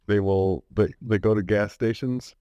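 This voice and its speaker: A man's voice: fairly low pitch, steady tone, a little slow, dark tone, dry recording, highs cut off. A man co-hosting a podcast, telling stories in a rambling way and laughing as he goes. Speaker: podcast co-host. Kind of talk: casual chat.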